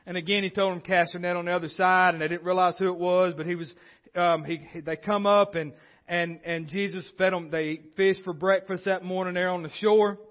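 A man with a high-pitched voice delivers a sermon from the pulpit, speaking conversationally and often stumbling into restarts. The sound is dull and lo-fi, as if captured on modest equipment. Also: fairly even intonation, fairly quick. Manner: conversational preaching with frequent restarts. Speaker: pastor. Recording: dull lo-fi recording.

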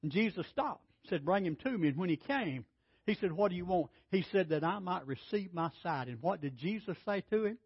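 A man's voice: expressive, a little fast, husky, no echo. A man preaching a sermon as pastor, emphatic, acting out the lines of scripture figures with a rising voice. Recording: dry, dull low-fidelity sound.

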